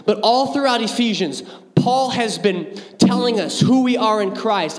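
High-voiced man preaching to youth in a hall. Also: unhurried. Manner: energetic, joking, animated storytelling. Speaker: youth pastor. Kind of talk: youth sermon. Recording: hall reverb.

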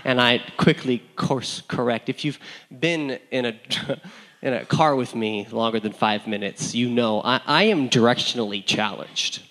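List: man, pastor, sermon with stories, from the San Diego area, self-deprecating, animated, bright tone. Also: medium pitch, low-quality recording. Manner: animated, self-deprecating, fast-talking with restarts. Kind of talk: sermon with personal storytelling.

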